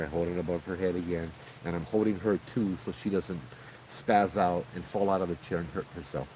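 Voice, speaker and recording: A man recounts a ghost story in a loose, conversational way. He is animated and keeps checking in with "you know" and "right?" as he talks. Faint crickets chirp in the background. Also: low voice, fairly quick, slight background noise, rough recording. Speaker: paranormal storyteller host. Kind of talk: casual spoken ghost story.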